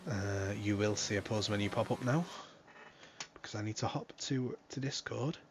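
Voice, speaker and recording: A man's voice: fairly low pitch, normal speed, slight background noise. A man hosting a racing league stream in a casual, joking manner, swearing freely. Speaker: league host and commentator. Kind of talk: casual live-stream commentary.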